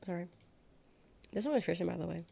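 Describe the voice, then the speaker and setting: A woman's voice: fairly low pitch, expressive, fast, creaky, mellow. A young adult woman live-streaming in a casual chat, reading her chat aloud and reacting bluntly, swearing freely. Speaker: livestreamer.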